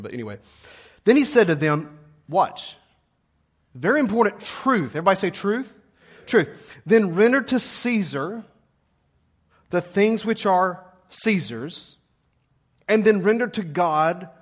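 A middle-aged man preaching a sermon as pastor, lively and calling on the congregation to answer back. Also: on the high side. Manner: lively, calls congregation to respond.

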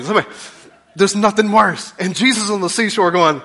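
A pastor preaching a sermon in a folksy, humorous way, swinging between loud bursts and hushed asides. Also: male voice, high-pitched, fairly quick, slightly rough.

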